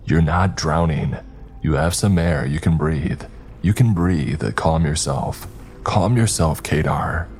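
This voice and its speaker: A man's voice: very deep voice, darkish tone. A man narrating a first-person horror story in a tense, dramatic manner.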